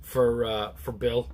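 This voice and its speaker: A man reviewing a comic book in a casual, relaxed chat to camera, rambling with many restarts and fillers. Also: slight background noise. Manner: relaxed and low-key.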